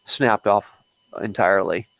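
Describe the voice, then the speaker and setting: A man's voice: lowish voice, moderate pace, vocal fry, fairly bright tone, no room sound, low-quality recording. Guy chatting on a live stream, talks loose and trails off, dry mic. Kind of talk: casual live stream chat.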